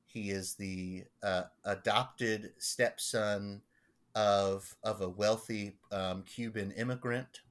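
A man, a pastor, telling stories in a casual podcast chat, halting and rambling with many restarts. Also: fairly low pitch, steady tone.

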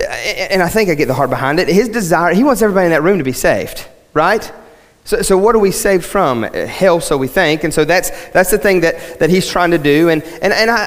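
A man preaching a sermon in a church, telling a story in a conversational way, repeating words and then building to emphatic preaching. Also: a little high. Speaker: pastor and worship leader. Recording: long hall reverb.

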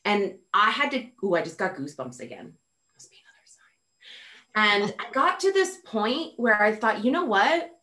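Effusive, animated woman podcast host. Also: medium pitch, normal speed. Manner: effusive, animated, acts out quotes. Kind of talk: casual conversation.

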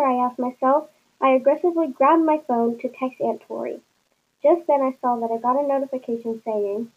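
A woman's voice: high voice, moderate pace, husky, narrow, tinny audio. A woman reading a first-person story aloud in a plain storybook manner, slipping into small voices for the dialogue. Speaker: narrator.

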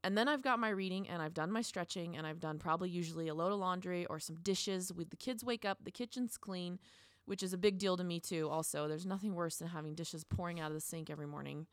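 A woman's voice: fairly low pitch, fast, clean tone, no room sound. A woman in her thirties co-hosting a podcast, talking earnestly and encouragingly in long casual runs. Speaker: podcast co-host.

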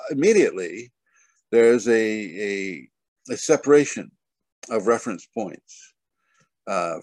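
A man's voice: lowish voice, darkish tone, no echo. A man giving a spiritual teaching over a video call, rambling and filling his talk with "you know" and "okay". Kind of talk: spoken online teaching.

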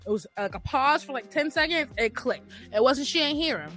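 A woman's voice: high voice, lively intonation, brisk, pushed and bright, faint music behind. A woman co-hosting a casual chat podcast, telling stories bluntly and candidly with slang. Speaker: podcast co-host.

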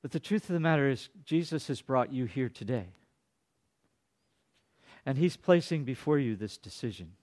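A male pastor preaching a sermon, dropping to hushed tones and rising to loud, dramatic peaks. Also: lively intonation, moderate pace, long pauses. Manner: dynamic, swinging from hushed to booming.

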